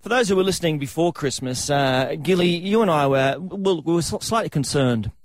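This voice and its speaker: A man's voice: a little high, expressive, fairly quick, no room sound. Male radio host, upbeat patter, close dry studio mic. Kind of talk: sports radio chat.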